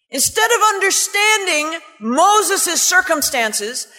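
A woman's voice: high voice, bright, forceful tone. Woman, preacher, sermon, emphatic, scornful, long hall reverb. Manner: impassioned and emphatic, scornful asides.

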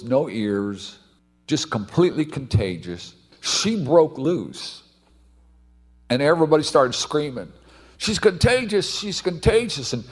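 Slow, lively male preacher. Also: medium pitch. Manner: animated, acts out voices, bursts into shouts. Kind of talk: sermon storytelling.

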